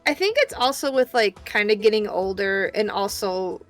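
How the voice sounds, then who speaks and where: A woman's voice: mid-range voice, lively intonation, moderate pace, faint music behind. A young woman, a VTuber guest on a podcast, chatting casually with many hesitations and fillers. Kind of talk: casual chat.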